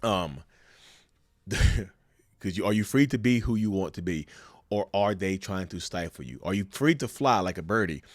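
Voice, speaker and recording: A man's voice: low voice, no echo. A man giving casual, emphatic commentary on relationships, asking the viewers rhetorical questions and calling them y'all. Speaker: commentator sharing a narcissist's view.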